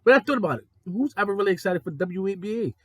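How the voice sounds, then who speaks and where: A young adult man telling profane stories in a casual monologue, jumping between high excited tones and low mocking ones. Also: rapid-fire, husky, dry recording, studio quality. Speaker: podcast host.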